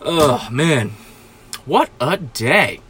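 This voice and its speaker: A man's voice: a little high, very animated, very slow, fairly bright tone, a little hiss or hum. A man hosting a solo podcast from a small closet, ranting profanely and with exasperation. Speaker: podcast host.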